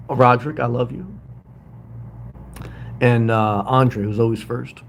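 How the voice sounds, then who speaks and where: A man's voice: medium pitch, steady tone, a little slow, creaky, pauses often, a little hiss or hum. A middle-aged man hosting a casual livestream from a hotel room, rambling and greeting viewers by name as he reads their comments. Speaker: livestream host living in a hotel.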